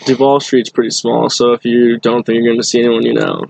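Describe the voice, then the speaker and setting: A man's voice: mid-range voice, little pitch movement, fairly quick, vocal fry, a little mellow, a little hiss or hum, poor audio. A young man from telling a rambling bar story in casual chat, full of fillers and restarts. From Boston area. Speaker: guest.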